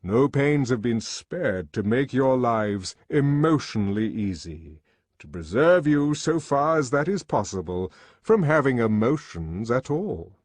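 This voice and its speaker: A man voicing a stately older male world controller who lectures in a measured, commanding way. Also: mid-range voice, sing-song, no room sound, pitched above the performer's own voice. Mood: lecturing.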